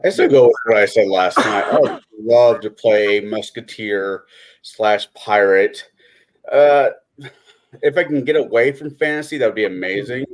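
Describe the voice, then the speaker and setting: Low-ish voiced guy being earnest with friends. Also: a little slow. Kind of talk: casual group chat.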